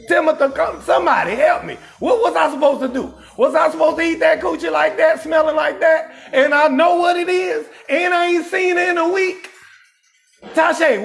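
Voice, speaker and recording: High-pitched gravelly new orleans guy ranting a raunchy story on his live show, yelling and laughing, faint music behind. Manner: loud, animated, often shouting and laughing, calls chat names. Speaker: host of a live call-in show. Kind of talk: crude comedic storytelling to a live chat.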